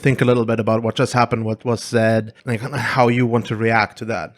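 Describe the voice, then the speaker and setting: A man talking in a casual podcast conversation. His voice sits in a middle pitch, and he explains his points thoughtfully, often restarting a phrase as he goes. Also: little pitch movement, a little fast. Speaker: podcast co-host.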